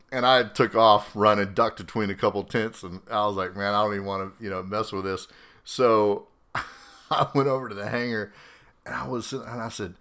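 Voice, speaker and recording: A middle-aged man with a somewhat low voice tells an old army story in a loose, casual way. He is animated and laughs often as the tale goes on. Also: moderate pace. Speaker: podcast host, army veteran.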